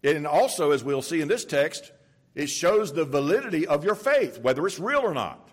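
A man's voice: a little high, very animated, normal speed. A man preaching a sermon in a conversational, storytelling way, stressing points by repeating them. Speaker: pastor.

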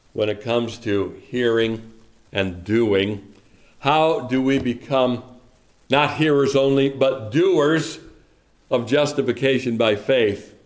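Male pastor, mid-pitched voice, slow and deliberate sermon delivery with emphatic repetition.

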